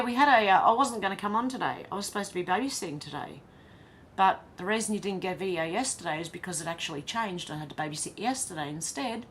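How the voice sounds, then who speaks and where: A woman's voice: medium pitch, slight background noise. An Australian woman hosting a casual livestream, reading viewer comments aloud and reacting with laughs. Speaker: livestream host reading chat. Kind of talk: casual live chat.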